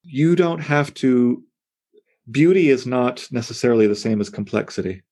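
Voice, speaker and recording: A man teaching a poetry class, talking in a lively, digressive way that often breaks off into asides. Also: mid-range voice, moderate pace. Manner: animated, digressive, self-interrupting. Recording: on air class broadcast.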